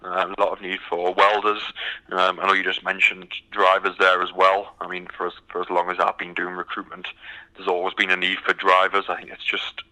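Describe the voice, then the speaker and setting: A man's voice: deep voice, a little fast, low-quality recording. A man from the UK with a British accent, answering interview questions casually with many ums. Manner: relaxed, many ums and restarts. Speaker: recruitment company guest.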